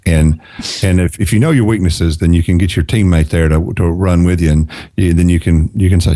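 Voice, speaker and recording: A middle-aged man with a very deep voice talks as a podcast guest. He gives earnest advice and repeats phrases for emphasis. His tone is dark and mellow, and the sound is dry. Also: fairly quick, no room sound. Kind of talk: casual podcast conversation.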